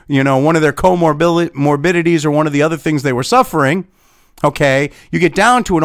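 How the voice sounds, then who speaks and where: A man's voice: on the high side, no echo, clean studio sound. A man hosting political commentary, reading through an article and ranting with profanity and sarcasm.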